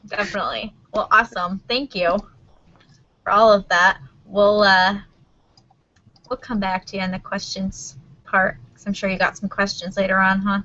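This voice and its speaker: A woman hosting a casual support-group video chat, upbeat and quick to laugh, steering the conversation. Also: medium pitch, flat delivery, sharp tone. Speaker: host of a support group call. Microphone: video call. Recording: dull lo-fi video call audio.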